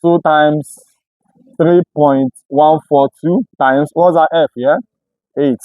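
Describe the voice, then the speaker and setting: A man's voice: fairly high pitch, fairly even intonation, slow, dry recording, phone-quality sound. A man teaching a physics class, who keeps asking the students to finish each step of his sentences. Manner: call-and-response questioning. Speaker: physics tutor. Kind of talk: classroom lecture.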